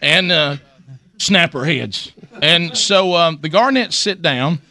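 A man, hosting talk radio and telling a funny story, animated and self-mocking. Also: a little high, slow pace.

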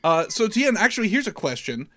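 A man's voice: sits high, sing-song, a little fast, a bit bright. A man co-hosting a podcast in casual chat, rambling and joking as he goes. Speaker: podcast co-host.

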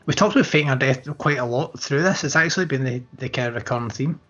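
A man's voice: medium pitch, quick pace, fairly bright tone, slightly rough, soft background music. A man co-hosting a podcast in casual, joking, sweary chat. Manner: laid-back, joking, sweary. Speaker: podcast co-host. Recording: muffled lo-fi podcast audio.

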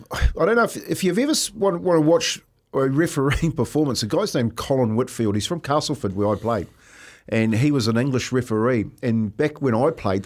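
A middle-aged man, a former player, co-hosting a casual sports radio chat and telling stories with lots of restarts. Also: medium pitch. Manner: rambling, animated storytelling with restarts.

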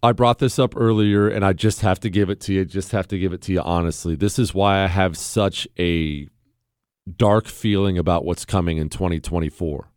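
A man's voice: sits low, fairly even intonation, moderate pace, darkish tone, clean tone, no echo, clean studio sound. A man hosting a talk show, delivering a blunt, combative opinion monologue with sarcastic asides.

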